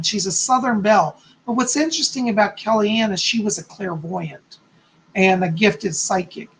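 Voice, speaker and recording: A man with a gravelly, fry-edged voice hosts a live psychic reading stream. He reads out viewers' questions, then answers each one softly and reassuringly, in a conversational tone. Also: sits high, slight background noise, poor audio. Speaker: psychic host.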